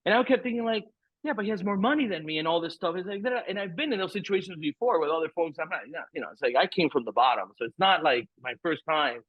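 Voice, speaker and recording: A man's voice: a little high, fast, hardly any pauses, dry recording. A middle-aged man telling a candid, rambling story as a podcast guest, swearing freely and stacking fillers. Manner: frank, profane, rambling with many fillers. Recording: tinny phone-like line, dry.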